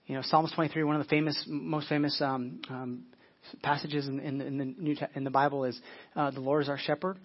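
A man's voice: a little high, flat delivery, fairly quick, dull audio. A man preaching a sermon as pastor, earnest, often repeating words as he searches for them.

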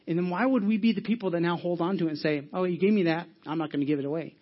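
A man preaching a sermon as pastor, earnest and animated, asking the congregation rhetorical questions. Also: high voice, very fast, lo-fi sound.

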